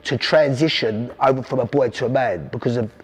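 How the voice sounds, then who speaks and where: A man's voice: mid-range voice, a little fast. A middle-aged man from South London with a South London accent, telling long rambling stories about his father in an interview. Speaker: podcast guest. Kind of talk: storytelling interview.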